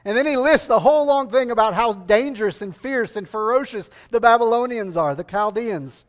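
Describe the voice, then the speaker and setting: A man's voice: very high-pitched, expressive, normal speed. A male preacher giving a sermon, earnest and emphatic, repeating key phrases and putting rhetorical questions to the congregation.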